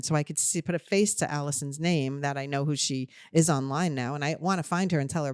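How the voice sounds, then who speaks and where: A young woman with a New Jersey accent chats on a podcast, her voice sitting a little low. She tells the story with animation and mocks herself. The sound is close and dry. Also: brisk, few pauses, clean tone, no echo. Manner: animated storytelling, self-deprecating. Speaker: podcast co-host. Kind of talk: casual chat.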